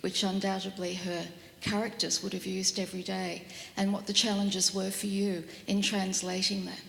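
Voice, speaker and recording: Gravelly woman asking from the audience. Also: medium pitch, little pitch movement, moderate pace, fairly bright tone. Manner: hesitant, with restarts. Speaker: audience member. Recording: echoey hall.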